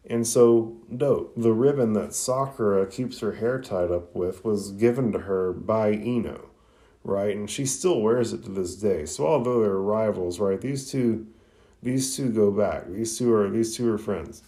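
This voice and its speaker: A man's voice: on the low side, unhurried, warm tone. A man hosting a podcast, giving a casual, conversational recap with fillers and blunt asides. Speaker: podcast host reviewing an anime episode.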